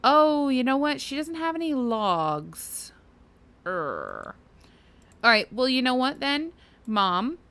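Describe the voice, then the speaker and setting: A woman's voice: high-pitched, lively intonation, measured pace, a bit bright. A woman casually commenting on her life-sim game as she plays, chatty and giggly, talking to her game characters. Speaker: gaming video host. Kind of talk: casual let's-play commentary.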